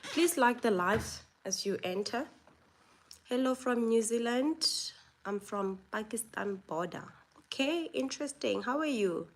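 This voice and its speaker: South African woman hosting a live chat, unhurried, reads comments aloud and answers them. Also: a little high, animated. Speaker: livestream host.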